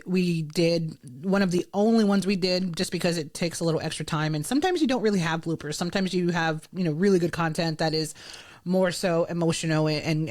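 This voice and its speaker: A woman podcast host explaining her editing choices in a relaxed, conversational way, with small asides. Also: fairly low pitch, no room sound, studio quality.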